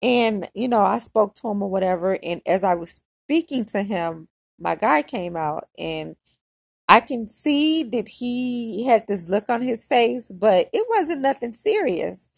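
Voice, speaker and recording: A woman's voice: mid-range voice, animated, unhurried, vocal fry, husky, no echo. A woman telling a personal story on her podcast in a candid, conversational way, with lots of "like". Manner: candid and conversational, heavy use of "like".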